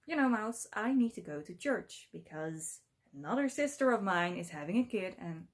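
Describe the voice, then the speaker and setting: Woman playing a cat, greedy, sly, offhand liar, middle pitch. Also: expressive, moderate pace, natural voice. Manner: offhand, matter-of-fact lying. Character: greedy, sly male house cat, casually deceitful.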